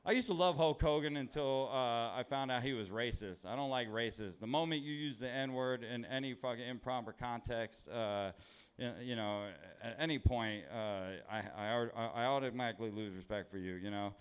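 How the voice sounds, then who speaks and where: A man's voice: medium pitch, clear, resonant tone. A man in his thirties from Los Angeles doing stand-up comedy on a club stage, rambling, swearing and poking fun at himself while working the crowd. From Los Angeles, USA. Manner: rambling, profane, self-deprecating.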